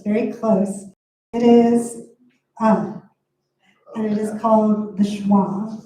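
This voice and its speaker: Woman poet with a very mellow voice, reading her work in a roomy bookstore space with chatty asides. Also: medium pitch, far from the mic. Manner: explains language points with chatty asides. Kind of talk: poetry reading with commentary. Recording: very echoey room.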